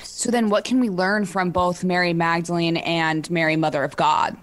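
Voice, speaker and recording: A woman hosts an interview, asking questions and reacting with quick affirmations. Her voice sits slightly low and is recorded dry and close. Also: steady tone, no echo. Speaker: podcast host.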